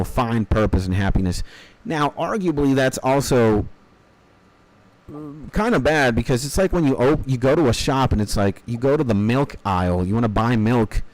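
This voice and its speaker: A man's voice: mid-range voice, a little mellow, dry recording. A man in his thirties chatting casually while streaming a game. He rambles, swears freely and drifts into half-joking life philosophy. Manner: rambling, profane, mock-philosophical. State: hungry after an early start. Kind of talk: casual chat while gaming.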